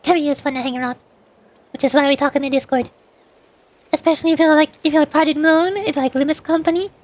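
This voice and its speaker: A woman with a notably high voice talks casually to her viewers during a game stream. Her delivery is playful and chatty, drifting between commentary and banter with her audience. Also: steady tone, fast. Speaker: VTuber streamer. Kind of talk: casual gaming stream chat.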